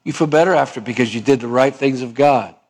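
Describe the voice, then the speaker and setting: A man's voice: mid-range voice, quick pace, darkish tone. A male preacher giving a sermon, asking his listeners rhetorical questions and acting out little dialogues.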